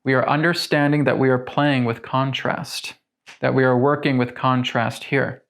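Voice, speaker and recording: A man giving a spiritual teaching monologue, speaking slowly and deliberately and addressing his listeners as friends. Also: medium pitch, little pitch movement, a bit bright.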